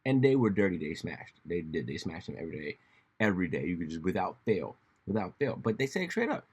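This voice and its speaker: A man hosting a casual solo commentary show, rambling and animated, often slipping into mocking voices when he quotes people. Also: low-pitched, fast, husky. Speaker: podcast host.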